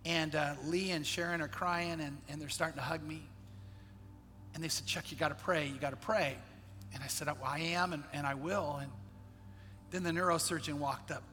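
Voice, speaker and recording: A man, a pastor, telling a personal story in a sermon, earnest and dropping quiet in the sad parts. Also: on the high side, fairly even intonation, moderate pace, big-room sound, soft background music. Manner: earnest storyteller, quotes others in his own voice, drops quiet in sad parts.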